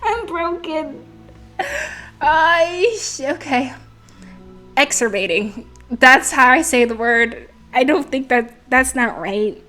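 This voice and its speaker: A woman's voice: high voice, slow, sharp tone. A woman hosting a let's play video, giggly and self-mocking as she comments, with faint game music behind. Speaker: gaming video host.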